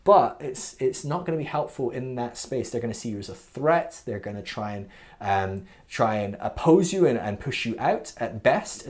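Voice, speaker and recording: Male podcast host, mid-pitched, earnest and informal, restarts often and keeps checking in with listeners. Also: a little mellow. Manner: earnest, many fillers and restarts, repeated "okay?" checks. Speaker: podcast host teaching a spiritual growth model. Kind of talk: casual teaching monologue.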